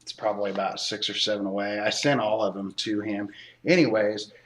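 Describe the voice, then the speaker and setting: A man co-hosting a casual podcast, telling a story slowly with many pauses and filler words. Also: on the low side, steady tone, a bit bright, slight background noise. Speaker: podcast co-host.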